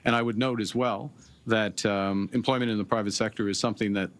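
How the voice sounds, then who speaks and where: A middle-aged man from Canada answering reporters' questions at a press conference, measured and halting, with many pauses and fillers. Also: lowish voice, steady tone. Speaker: prime minister at a press conference.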